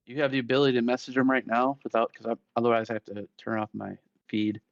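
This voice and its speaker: A man's voice: medium pitch, steady tone, fast, creaky, no echo. A man co-hosting a casual podcast, laid-back and joking. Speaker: podcast co-host. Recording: dull lo-fi mic.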